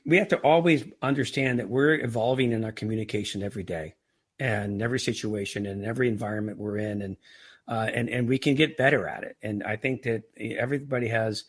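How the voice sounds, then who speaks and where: A man's voice: on the low side, fairly quick, breathy edge. A man as a podcast guest, talking earnestly and telling anecdotes in a conversational interview. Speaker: podcast guest, entrepreneur and author.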